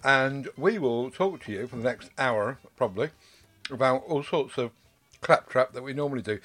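A man's voice: mid-range voice, lively intonation, normal speed, a bit bright. A man hosting a podcast in casual chat, rambling and self-mocking. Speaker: podcast host.

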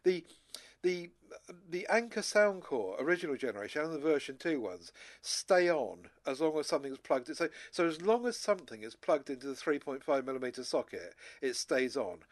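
A man's voice: on the high side, very animated, brisk. Rambling man chatting. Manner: rambling, many restarts and repeated words. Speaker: podcast co-host. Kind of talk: casual chat.

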